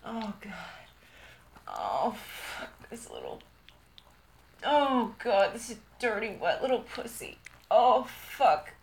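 Breathy high-voiced woman, slow and roomy. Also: huge pitch swings. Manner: breathy, moaning, drifting into whispers. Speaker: erotic audio performer. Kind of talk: erotic audio monologue. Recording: echoey room.

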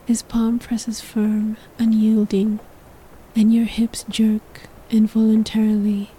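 A woman tells a sensual story straight to the listener in a whispered role-play. Her breathy, mellow whisper moves slowly and stays level, with little rise or fall. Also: a little high, monotone, rough recording. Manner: second-person storytelling, hushed and sensual. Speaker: narrator.

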